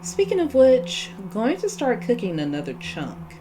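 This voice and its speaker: A woman's voice: a little high, wildly swooping pitch, normal speed, noisy background, pitched above the performer's own voice. Woman reading as an unhinged woman captor. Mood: menacing. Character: unhinged cheerful woman caretaker turned captor. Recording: game playthrough with music behind.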